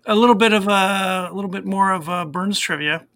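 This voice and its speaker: A man's voice: sits high, brisk, bright, forceful tone. A man co-hosting a casual chat show, reading out fun facts with lots of fillers. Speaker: podcast co-host.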